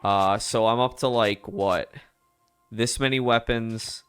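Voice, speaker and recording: A man's voice: lowish voice, steady tone, slow pace, a bit bright, soft background music. A man casually commenting and chuckling while streaming a video game. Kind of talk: let's play commentary.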